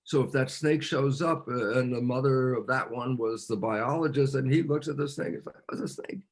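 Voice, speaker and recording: Husky-voiced man explaining science. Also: medium pitch, moderate pace. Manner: animated storyteller with frequent fillers and restarts. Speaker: guest, cell biologist. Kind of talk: conversational interview explanation.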